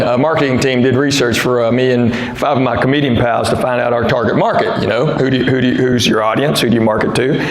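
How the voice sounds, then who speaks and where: A man's voice: mid-range voice, reverberant, low-quality recording. A middle-aged man doing a stand-up comedy set, telling stories and working the crowd. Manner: storytelling, quoting voices, working the crowd. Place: big theater stage. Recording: live theater, loud crowd noise. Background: audience laughter and applause.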